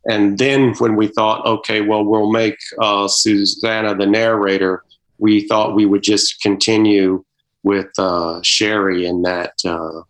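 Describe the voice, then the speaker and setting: Lower-voiced man, halting explanation. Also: flat delivery, fairly bright tone, poor audio. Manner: halting, many fillers and restarts. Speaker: documentary filmmaker. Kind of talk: interview answer.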